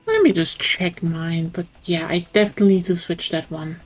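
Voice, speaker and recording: A woman's voice: lowish voice, steady tone, moderate pace. A playful, teasing woman co-player. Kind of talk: casual gaming chat.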